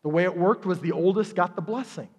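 A pastor preaching a sermon in church, retelling the story with lively asides and briefly acting out each character in quick voices. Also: male voice, high-pitched, slightly rough, big-room sound. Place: church sanctuary.

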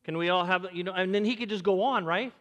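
A man's voice: sits high, fast talker. Preaching older man in a reverberant hall. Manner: swings from loud urgent preaching to hushed near-whispered quotes. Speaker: pastor. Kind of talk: sermon.

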